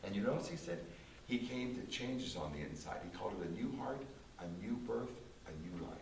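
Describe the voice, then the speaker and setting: A man, a concert pianist, giving an emphatic church testimony with repetitive, dramatic slow phrasing, recorded in a small church. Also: medium pitch, animated, gravelly. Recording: roomy distant church recording with faint hiss.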